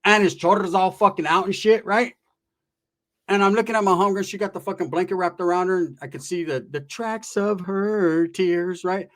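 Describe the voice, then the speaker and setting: A man's voice: sits high, normal speed. A man from Northern California telling a wild personal story in casual street slang, swearing freely and acting out the voices of the people in it. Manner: animated, profane street slang, acts out voices.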